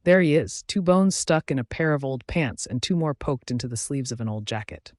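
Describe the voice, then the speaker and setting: A man voicing a crazed young male cabin boy in an audiobook, with high, singsong muttering. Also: expressive, fairly quick, dry recording, clean studio sound, natural voice.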